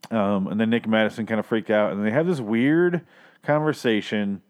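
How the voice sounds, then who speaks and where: A show recapper with a clean, lowish voice goes over a TV episode at a moderate pace. His casual comedic recap is crude and rambling, full of jokey asides.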